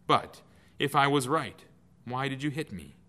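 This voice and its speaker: A man's voice: medium pitch, expressive, unhurried, bright, forceful tone, pitched above the performer's own voice. A man reading scripture aloud, voicing a male teacher on trial who answers his accusers in an earnest, raised, declaiming voice. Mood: firm. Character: calm authoritative male teacher under trial.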